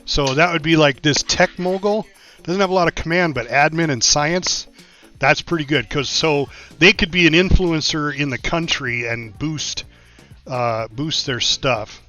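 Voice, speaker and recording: This male streamer sounds fairly high-pitched, bright and forceful, speaking a little slowly. He chats loosely about the strategy game in front of him, musing aloud and leaning on lots of filler words, over a slightly muffled lo-fi mic with quiet music behind.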